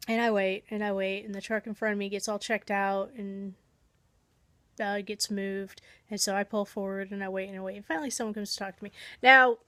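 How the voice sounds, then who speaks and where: A woman's voice: mid-range voice, level tone, fairly quick, fairly bright tone, no room sound. A woman vlogger casually telling a long everyday story, chatty and self-deprecating, acting out her own thoughts as she goes.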